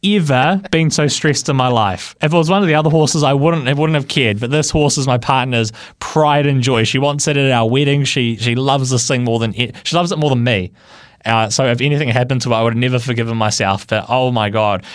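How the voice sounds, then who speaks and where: A man, a radio producer, telling a story on air in a lively way, laughing often and restarting his sentences. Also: mid-range voice, brisk, no room sound, studio quality. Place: radio studio.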